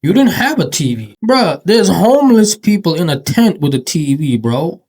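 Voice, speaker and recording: A man's voice: sits high, sing-song, moderate pace, a little mellow. A man hosting a reaction video, talking in a slangy, teasing and mocking way. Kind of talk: casual reaction commentary.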